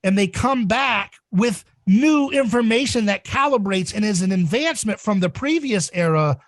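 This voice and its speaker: A man hosting a casual podcast discussion, talking in a rambling, animated way. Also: normal speed, no room sound. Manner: rambling and animated, acts out voices in shrill squeals. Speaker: podcast host.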